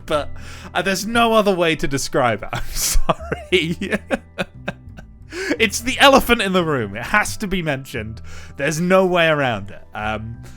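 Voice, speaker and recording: A man's voice: a little high, expressive, normal speed, bright, forceful tone, faint music behind. A man giving casual, rambling commentary over his own game build, chuckling often and poking fun at himself. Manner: chuckling, rambling, self-deprecating.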